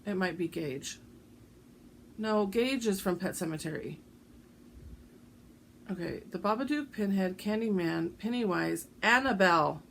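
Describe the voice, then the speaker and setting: A woman's voice, slightly gravelly and worn, as if it is going hoarse, in a loose, rambling chat full of ums and little restarts. She sounds relaxed and homey, with a faint hum of room ambience behind her. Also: medium pitch, measured pace, long pauses. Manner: chatty, rambling, with frequent ums. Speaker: cross-stitch vlogger. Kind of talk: casual show-and-tell chat.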